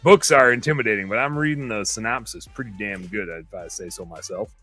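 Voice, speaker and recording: A man in his thirties hosts a podcast, rambling and mocking himself in casual banter and reading aloud in a jokey tone. His lowish voice moves fairly quickly and sounds pushed and bright. Soft music plays in the background.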